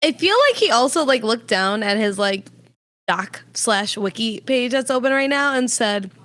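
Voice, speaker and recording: A woman's voice: a little high, animated, moderate pace, a bit bright. Woman co-host chiming in dryly. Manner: chiming in with dry agreement. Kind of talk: casual reaction chat.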